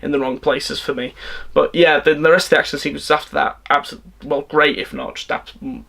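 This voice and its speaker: A young man joining as guest on a casual film review, halting and searching for his words. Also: fairly high pitch, fairly even intonation, gravelly, sharp tone.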